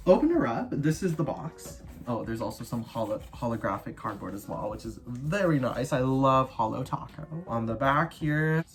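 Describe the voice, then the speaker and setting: A man hosting a casual doll unboxing vlog, chatty and upbeat, full of "like" fillers. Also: mid-range voice. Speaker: doll collector YouTuber.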